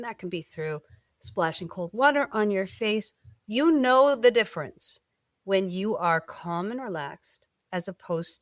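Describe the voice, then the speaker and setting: Expressive woman podcast host. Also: medium pitch, no room sound, clean studio sound. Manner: animated, expressive, casual filler words. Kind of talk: conversational interview.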